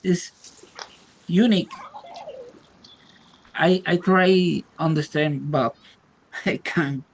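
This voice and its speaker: A male student speaks very slowly in halting English, stopping to search for each word. His voice sits a little high for a man. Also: rough recording. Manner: halting non-native English, searching for words. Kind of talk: online English lesson.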